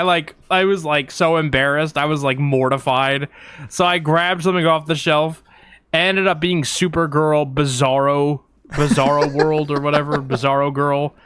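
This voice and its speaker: A man with a fairly high, smooth and resonant voice tells a rambling story in casual podcast chat. He talks with many fillers and quick asides into a close mic. The sound is dry, with no room around it. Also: a bit bright, no room sound. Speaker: podcast co-host.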